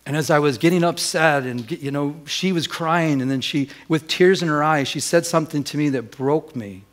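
Middle-aged male pastor, animated storyteller, slightly higher voice. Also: normal speed. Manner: animated storytelling, acts out dialogue, many restarts. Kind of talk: sermon with personal story.

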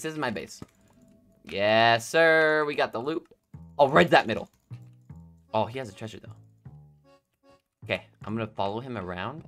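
Gaming YouTuber, male, bright and bouncy delivery, laughs a lot, chats at opponents mid-game. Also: medium pitch, normal speed, long pauses, faint music behind. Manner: excitable, laughs often, talks to himself and opponents. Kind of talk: live gameplay commentary.

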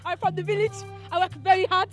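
Exaggerated mock-African voice, by a woman passer-by, very high and loud. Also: little pitch movement, quick pace, over music.

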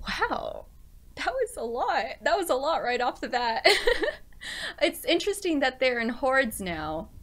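A young woman giving excited, panicky let's play commentary, swearing and repeating herself as she plays a story game. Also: high voice, a little slow. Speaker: gamer playing a story game.

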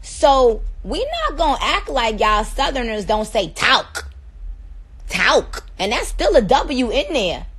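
A woman's voice: fairly high pitch, big pitch swings, husky, poor audio. A woman with a New York accent chatting casually and playfully to viewers on a phone livestream, stretching out her words with attitude. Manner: sassy, playful, drawn-out words. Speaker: livestream host.

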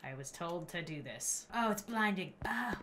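A woman's voice: fairly low pitch, expressive, normal speed, background noise. A young woman commentating a game she is playing at home, jumpy and exclaiming as she talks to viewers through a desk mic. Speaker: gaming video host. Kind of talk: let's play commentary. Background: game music.

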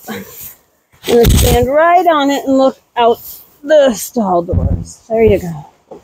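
A woman talking casually while doing farm chores outdoors around a barn, cooing at her animals in a high baby-talk voice. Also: lively intonation, slow pace, long pauses, noisy background. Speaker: homesteader vlogger. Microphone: handheld camera.

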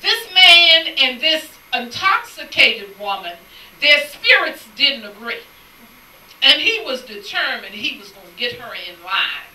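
A woman preaching a sermon, telling a lively story and acting out the people in it, sometimes shouting and laughing. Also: high voice, measured pace. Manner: animated storytelling, acts out quoted people; shouts and laughs between lines. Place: church sanctuary. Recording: echoey church sound from a distant mic.

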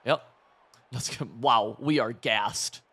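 Young male gaming streamer, loose and excitable play-by-play, profane and chatty. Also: mid-range voice, slow. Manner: excitable, chatty, swears and laughs often. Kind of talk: live gameplay commentary.

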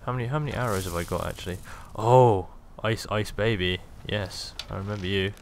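A young man gives loose, self-amused commentary as he plays through a fantasy game, hopping between jokes and asides. His voice sits on the low side, with a faint hiss in the recording. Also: a little fast. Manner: jokey, rambling, self-amused. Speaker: gaming video host. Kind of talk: casual gameplay commentary.

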